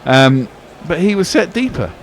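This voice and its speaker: Sweary, excitable cricket commentator man. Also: on the high side, normal speed, slight background noise. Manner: excitable, swears freely, argumentative banter. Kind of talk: ball-by-ball radio commentary.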